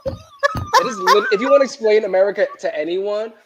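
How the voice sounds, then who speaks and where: A woman's voice: mid-range voice, wildly swooping pitch, fairly quick, noisy background. A woman co-hosting a podcast, speaking emphatically, with exclamations and laughter. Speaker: podcast co-host. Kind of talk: casual comedic chat.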